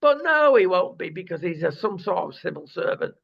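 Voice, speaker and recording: A man's voice: high-pitched, very animated, brisk, vocal fry, husky, highs cut off. A man hosting a casual talk show, opinionated and wry.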